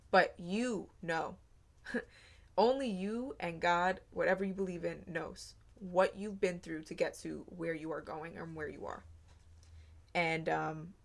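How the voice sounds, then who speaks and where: Woman, tarot reader, low voice, gravelly fry, earnest, rambling, casual. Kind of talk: casual spoken tarot reading.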